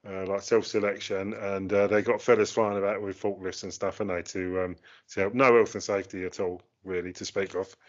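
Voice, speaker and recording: A man co-hosting a casual chat, talking in a hesitant way with many pauses and fillers. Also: deep voice, flat delivery. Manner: hesitant, lots of ums and uhs. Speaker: co-host. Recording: dull lo-fi sound.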